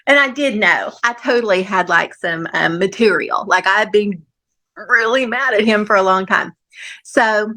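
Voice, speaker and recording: A middle-aged woman hosting a podcast, telling a personal story in a lively, chatty way, acting out what people said and laughing often. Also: medium pitch. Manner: animated storyteller who acts out quoted voices, laughs often. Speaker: podcast host.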